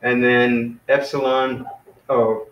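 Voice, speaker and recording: A man teaching a casual online beginner class, relaxed and friendly, often saying "man" and "you know.". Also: mid-range voice, takes it slowly, roomy sound, lo-fi sound.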